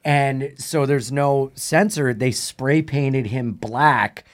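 A man co-hosting a comedy podcast, telling stories with excitement and cursing freely in casual chat. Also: mid-range voice, takes it slowly. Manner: excitable storyteller, swears freely. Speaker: podcast co-host.

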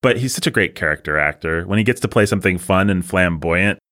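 Deep-voiced man trading film opinions. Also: lively intonation, quick pace, pushed and bright. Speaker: podcast co-host. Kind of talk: casual film review chat.

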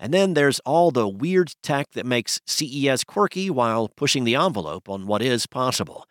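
A man hosting a news podcast, reading a scripted bulletin in a steady, measured way. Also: mid-range voice, dry recording, studio quality.

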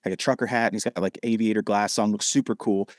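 A man from Ohio, a podcast guest, telling lively stories and acting out the dialogue. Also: fairly low pitch, quick pace, no echo, studio quality. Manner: animated, acts out quoted dialogue. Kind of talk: storytelling in a podcast interview.

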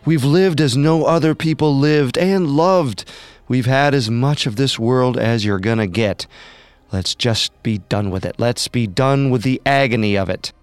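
A man's voice: mid-range voice, a little slow, smooth, no room sound, close to an everyday voice. A man acting out a middle-aged cult leader in a dramatized reenactment, preaching and pleading with his followers in a repetitive, sermon-like way. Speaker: voice actor in a reenactment. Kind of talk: dramatized reenactment of recorded speech.

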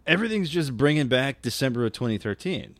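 A man's voice: medium pitch, big pitch swings, quick pace, creaky, a bit bright, no room sound. A man co-hosting a casual comedy podcast, loose and jokey, breaking into laughter and swearing freely. His voice sits mid-range and the recording is dry and close, with no room sound. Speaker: podcast co-host.

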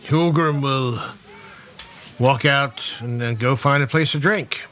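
A man's voice: mid-range voice, takes it slowly, a bit bright. A man playing a tabletop game, casual, profane and bemused. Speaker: player.

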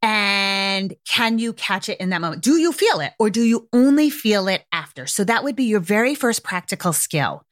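A woman hosting an advice podcast, speaking at a middling pitch. Her delivery is frank and casual, with frequent swearing. She keeps asking the listener direct questions, sometimes speeding up and sometimes slowing down. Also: very animated, fairly bright tone, no room sound, studio quality. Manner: frank and blunt, swears freely, coaching tone; asks many direct questions, speeds up and slows down. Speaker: podcast host giving parenting advice.

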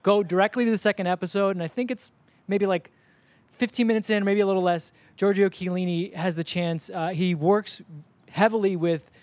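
A man's voice: high voice, fairly quick, no echo. A man co-hosting a casual sports podcast, talking animatedly and acting out what others say. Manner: animated, acts out quoted voices.

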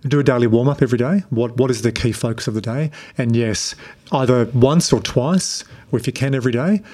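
A middle-aged Australian man with a relaxed, conversational manner, answering interview questions as a productivity coach. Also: medium pitch, fairly quick. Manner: relaxed, conversational, frequent restarts.

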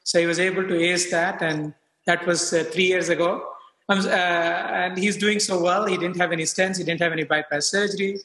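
High bright man in echoey room. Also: fairly even intonation. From India. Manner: halting, many fillers and restarts. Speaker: physician guest. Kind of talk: casual interview talk. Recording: echoey room with long reverb.

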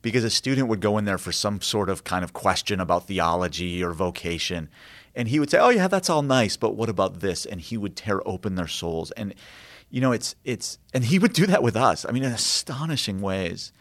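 A man's voice: on the low side, expressive, a little fast, fairly bright tone. A man, a guest author, telling stories earnestly and reflectively in conversation, with frequent fillers and restarts. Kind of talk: conversational storytelling.

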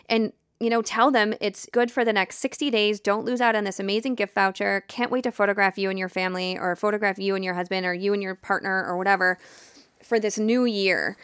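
A woman's voice: medium pitch, a little fast, fairly bright tone, clean tone, dry recording, clean studio sound. A woman hosting a podcast, giving enthusiastic, chatty business advice with plenty of fillers. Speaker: podcast host. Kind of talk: casual advice chat.

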